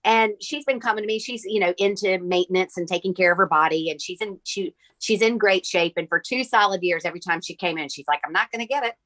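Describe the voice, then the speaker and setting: A woman's voice: lowish voice, a little fast, few pauses, fairly bright tone, no room sound. A woman healer, a guest in an interview, telling a story animatedly and acting out the dialogue.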